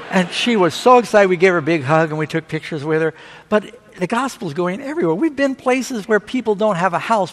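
A man preaching a sermon, telling stories with rising excitement and asking the audience for amens. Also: sits high, fairly quick. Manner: animated storytelling preacher. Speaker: pastor. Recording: long hall reverb.

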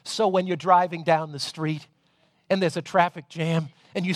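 A man preaching a sermon, moving between loud emphasis and hushed, intimate passages. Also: a little high, fairly even intonation, normal speed, no room sound, clean studio sound. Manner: dramatic, swings from loud to hushed.

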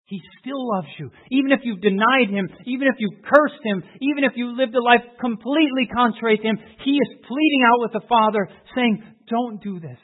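A high-voiced man delivers a sermon with fervent, emotional appeals, sinking now and then into hushed prayer. The sound is narrow and tinny, like a phone line. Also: fairly quick, few pauses. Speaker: preacher. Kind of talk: sermon with storytelling.

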